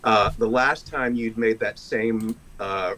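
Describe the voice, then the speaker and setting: A man's voice: on the low side, slow pace, sharp tone. A man taking part in an online service, chatting casually with dry, teasing humor. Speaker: congregant on a video call. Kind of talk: casual chat.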